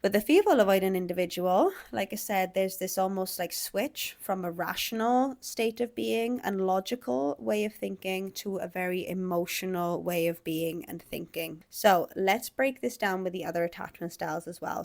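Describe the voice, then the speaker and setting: A woman's voice: medium pitch, normal speed, gravelly, hardly any pauses. A woman hosting a solo relationship podcast as a coach, explaining things in a conversational way.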